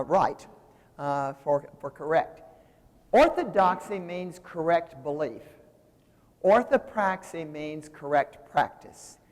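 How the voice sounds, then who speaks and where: A woman's voice: low voice, a little mellow. A woman lectures in a seminary hall, and her voice carries a long reverb off the room. She talks in a loose, conversational way, circling back and restarting sentences with plenty of "uh"s as she explains. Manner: conversational, digressive, with frequent fillers and restarts.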